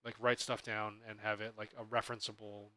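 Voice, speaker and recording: A man co-hosting a podcast, chatting casually about tabletop gaming in a relaxed, explanatory way. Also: fairly low pitch, a little fast. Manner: relaxed, explanatory, self-correcting. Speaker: podcast co-host.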